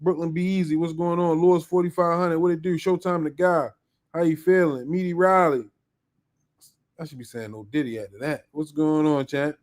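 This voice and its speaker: The voice is a man's, set slightly high, hosting a live podcast stream. He keeps it casual and upbeat, full of slang as he runs through shout-outs to viewers one by one. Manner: upbeat, slangy, rapidly greeting viewers by name. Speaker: podcast host.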